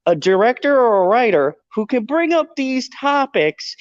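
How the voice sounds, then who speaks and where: A man chatting casually as a co-host, excitable and swearing freely. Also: extremely high pitch, normal speed, no echo, lo-fi sound. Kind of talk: casual chat.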